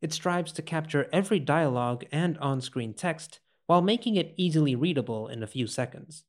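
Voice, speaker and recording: A man hosting a podcast, narrating from a script in a clear, explanatory way. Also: a little high, expressive, fairly quick. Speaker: podcast host.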